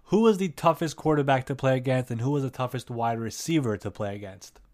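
A man's voice: mid-range voice, brisk, a little mellow. Easygoing male sports interviewer. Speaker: interview host.

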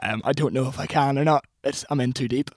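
A man's voice: mid-range voice, quick pace, no echo, studio quality. A young man with a Northern Irish accent, chatting casually as a singer-songwriter guest, laughing often and poking fun at himself. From Northern Ireland. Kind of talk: casual chat. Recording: music playing behind the voice.

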